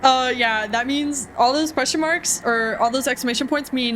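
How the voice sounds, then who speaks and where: A woman streamer chatting casually over a game, reacting bluntly and swearing often. Her voice sits fairly high. A faint hiss stays under the recording. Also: normal speed. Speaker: gaming streamer. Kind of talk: casual gameplay commentary.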